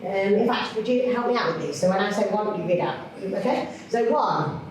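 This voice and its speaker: A woman, a children's author chatting to an audience in a lively, self-mocking way. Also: mid-range voice, fairly quick, background noise. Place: large hall. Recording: echoey hall from far off.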